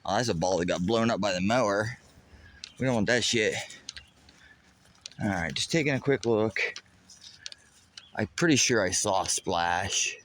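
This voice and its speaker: Western pa guy streaming golf, kinda low voice, chatty and swearing a bit. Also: unhurried, pauses often, fairly bright tone, slight background noise. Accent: Western Pennsylvania. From Western Pennsylvania. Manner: chatty, reads chat aloud, swears casually. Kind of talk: casual live-stream golf vlog. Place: outdoors on a golf course.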